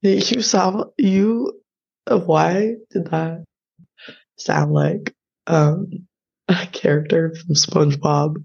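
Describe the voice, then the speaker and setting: A woman's voice: sits low, fairly even intonation, takes it slowly, gravelly, a little mellow, slightly rough, highs cut off. A woman co-hosting a podcast, chatting casually in a laid-back, rambling way. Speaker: podcast co-host. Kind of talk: casual chat.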